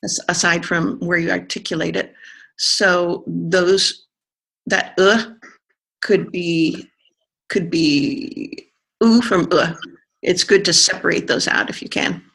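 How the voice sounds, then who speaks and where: An accent coach explaining pronunciation in conversation, pausing to think and sounding out vowels to demonstrate. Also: mid-range voice, little pitch movement, creaky, sharp tone. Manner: thoughtful, pauses with fillers, sounds out vowels to demonstrate.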